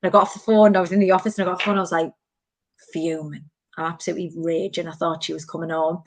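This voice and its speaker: A woman's voice: on the low side, rapid-fire, no room sound. Chatty woman, dry sound. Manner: animated storytelling, many fillers. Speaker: podcast host. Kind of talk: casual chat.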